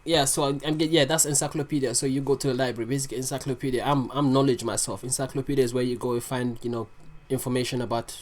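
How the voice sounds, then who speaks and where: A reaction video host casually commenting on lyrics, excitable and profane, explaining the lines aloud. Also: medium pitch.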